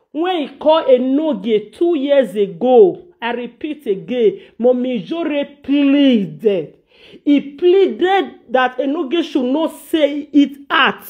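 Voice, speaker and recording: A woman's voice: high-pitched, animated, slow pace. A woman with a Nigerian Pidgin accent ranting to her viewers, repeating phrases to drive each point home. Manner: emphatic, repeats phrases for stress. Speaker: vlogger. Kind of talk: casual ranting monologue. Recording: dull lo-fi audio.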